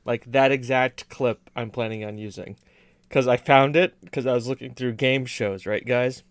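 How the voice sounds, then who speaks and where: A man's voice: mid-range voice, steady tone, moderate pace, clean tone, no room sound, clean studio sound. A man hosting a gaming podcast in loose, joking, rambling chat with some swearing. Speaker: podcast host. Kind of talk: casual chat.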